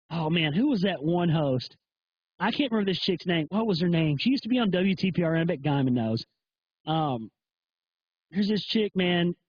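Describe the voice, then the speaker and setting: A man hosting a profane livestream, rambling and swearing a lot, over dull lo-fi stream audio. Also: on the high side. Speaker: host.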